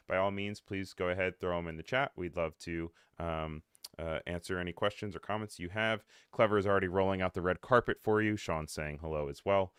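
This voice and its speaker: Man, live show host, friendly, chatty, smooth voice, dry close sound. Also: deep voice, a bit bright, no echo. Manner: friendly, chatty, laughs easily. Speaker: livestream host. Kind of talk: upbeat live show hosting.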